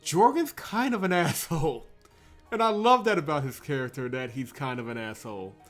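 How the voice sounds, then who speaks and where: A man's voice: fairly high pitch, moderate pace, a bit bright, soft background music. A man streaming a visual novel, reading it aloud in a dramatic read-through with casual asides; he chuckles often and stumbles and corrects himself on words. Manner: chuckles often, breaks off into playful commentary.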